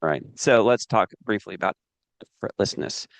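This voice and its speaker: A man leading a live business training seminar, energetic and coaxing the audience to join in. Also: fairly low pitch, normal speed, gravelly, dry recording.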